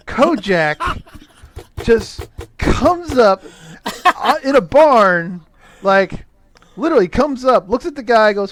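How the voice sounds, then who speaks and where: A middle-aged man casually recapping an old movie on a podcast, sarcastic and profane, with animated asides. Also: sits high, slow, slight background noise. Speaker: podcast co-host recapping a film. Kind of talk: casual chat.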